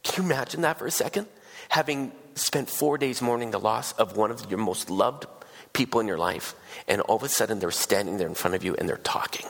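Gravelly man preaching in a hall. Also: on the low side, brisk. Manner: casual storytelling, animated voices for quoted people. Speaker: pastor. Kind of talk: sermon.

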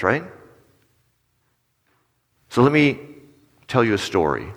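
A man preaching a sermon in a conversational way. He asks his listeners questions and turns animated when he acts out little stories. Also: mid-range voice, a little slow, pauses often. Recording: long reverb of a large hall.

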